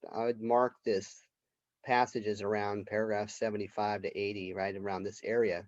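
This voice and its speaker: A man's voice: on the low side, little pitch movement, normal speed, darkish tone, no echo. Man lecturing on literature, lo-fi sound. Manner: conversational storytelling, retelling the plot. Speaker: literature professor. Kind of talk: college lecture. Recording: dull lo-fi lecture recording.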